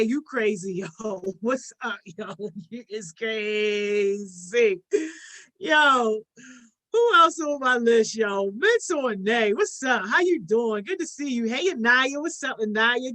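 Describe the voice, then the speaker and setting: A livestream host with a bright, forceful tone and a pitch that sits in the middle, speaking in loose slang and ending almost every phrase with "yo". The host greets each viewer one by one. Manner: slangy, tacks "yo" onto nearly every phrase. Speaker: host of a youth program's online session. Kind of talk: casual livestream chat with participants.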